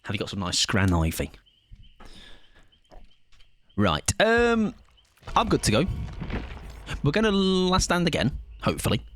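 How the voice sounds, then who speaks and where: A young man streaming a game, chatting loudly and energetically with his viewers and laughing often. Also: on the high side, wildly swooping pitch, a little slow, pauses often. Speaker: livestreamer. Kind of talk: casual gaming livestream chat.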